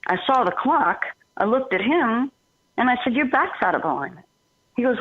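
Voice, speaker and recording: A woman, a radio guest, telling a personal story with lively energy and acting out each side of the conversation. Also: fairly high pitch, normal speed. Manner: acts out both sides of a conversation. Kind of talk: animated storytelling. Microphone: phone. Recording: tinny phone line.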